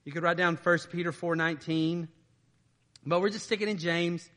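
Pastor type, man, slightly high, sharp bright tone, casual preaching with lots of "right?", big echoing hall. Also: fairly even intonation, normal speed. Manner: informal, asks "right?" often. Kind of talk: conversational sermon.

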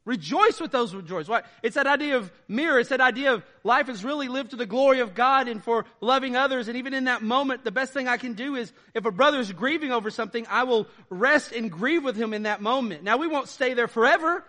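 A man preaching a sermon as pastor, conversational with "right?" asides, swinging between loud emphatic peaks and quiet low passages. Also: fast, few pauses.

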